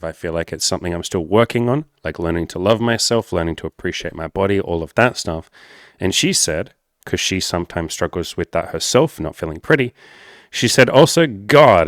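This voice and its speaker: Male dating coach, low voice, frank and sweary, talks straight to camera; dry recording. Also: dry recording. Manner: candid and blunt, swears freely; addresses viewers as guys. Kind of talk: casual talk to camera.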